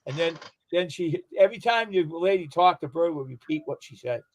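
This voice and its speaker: A man in a casual chat, retelling a story in a rambling, halting way with many restarts. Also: fairly high pitch, expressive, slight background noise, poor audio.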